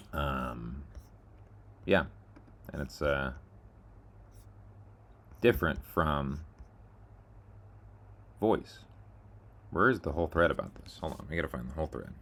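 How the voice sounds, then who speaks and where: Very deep-voiced man rambling casually. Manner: meandering, self-mocking, mutters while scrolling. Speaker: video blogger. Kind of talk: casual rambling screen-share monologue.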